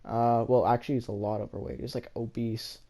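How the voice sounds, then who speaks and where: A man casually telling a story from his school days, rambling, with many restarts, often in a soft, low-key voice. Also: level tone, brisk, vocal fry.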